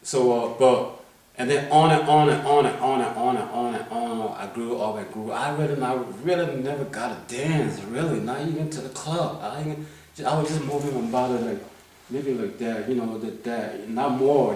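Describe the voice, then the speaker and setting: In a darkish, medium-pitched voice at normal speed, a Liberian man in his fifties talks about his life with lots of restarts and "you know what I'm saying" tacked on. He's distant from the microphone in a very reverberant room.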